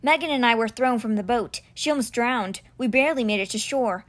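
A woman's voice: fairly quick, lightly acted. A woman voicing a grief-stricken teenage boy mage, speaking in a raised, strained voice in a storybook reading. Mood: distressed. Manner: higher, shaky and strained.

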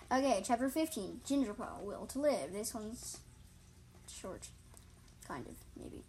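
A woman's voice: fairly high pitch, very animated, a little slow, a little mellow, slight background noise, poor audio. A woman reading her own story aloud, often tripping over words and correcting herself. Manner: frequent slips and self-corrections. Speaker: reader.

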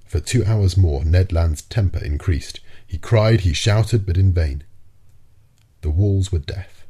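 Deep, dark-voiced male audiobook narrator. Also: slow pace, husky. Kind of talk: scripted narration.

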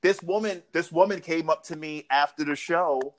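A man's voice: on the high side, moderate pace. A man hosting a casual chat, telling a story about himself in a self-critical, confessional way. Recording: loud background noise.

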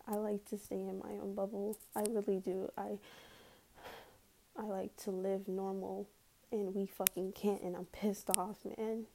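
A woman's voice: mid-range voice, flat delivery, measured pace, gravelly, long pauses, dark tone, a little hiss or hum. A woman ranting heatedly in a casual vlog, swearing often and breaking into nervous laughs.

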